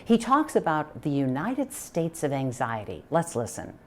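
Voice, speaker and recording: A woman hosting a TV program, presenting a scripted introduction and interviewing a guest with a measured, earnest delivery. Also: low voice, very animated, a little hiss or hum. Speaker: TV host.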